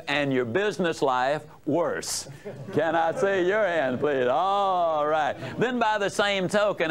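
A man delivering a motivational talk with a fairly high voice that swings widely up and down. He tells folksy, joking stories and puts questions to his listeners. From United States. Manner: folksy, humorous storytelling with audience questions. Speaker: motivational speaker. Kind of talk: motivational lecture to a live audience.

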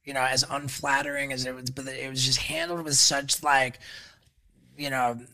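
Man with a sharp, tense voice. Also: mid-range voice, little pitch movement. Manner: halting, stacks fillers and restarts; swears freely. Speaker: podcast guest. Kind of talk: casual storytelling.

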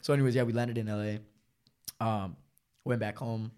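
A young man in casual chat with friends, telling animated, profanity-heavy stories peppered with "like" and "bro". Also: on the low side, normal speed, clear, resonant tone. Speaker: storyteller guest.

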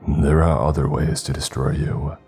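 Guy doing a super deep cold vampire lord, slow and menacing, husky dark tone, horror story read. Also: little pitch movement, soft background music, heavily acted. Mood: coldly quiet. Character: ancient vengeful vampire lord, cold and cruel.

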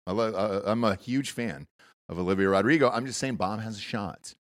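A man's voice: lowish voice, fairly quick, no echo, studio quality. Casual swearing male podcast host. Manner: loose, swearing, rambling with fillers. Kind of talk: casual chat.

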